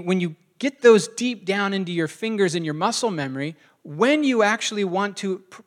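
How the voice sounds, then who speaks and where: Man, pastor, sermon, conversational, questions to the congregation, slightly high voice. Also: fairly bright tone.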